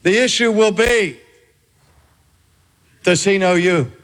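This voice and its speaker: Male preacher, high voice, slow deliberate delivery, echoing hall; sermon read. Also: a bit bright. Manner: slow, dramatic emphasis with long pauses. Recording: long hall reverb.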